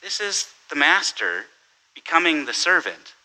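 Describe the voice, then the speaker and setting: Bright-voiced man preaching a casual sermon. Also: a little high, big pitch swings, unhurried, rough recording. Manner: conversational, self-correcting, tells jokes with quoted voices; repeats words and asks "right?". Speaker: pastor. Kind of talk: sermon with humorous story.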